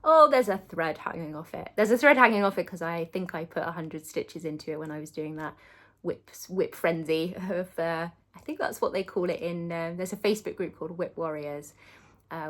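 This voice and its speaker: A woman's voice: fairly low pitch, moderate pace, fairly bright tone. A British woman chatting casually in a crafting vlog, rambling and laughing at herself. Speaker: cross-stitch vlogger. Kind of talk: casual chat.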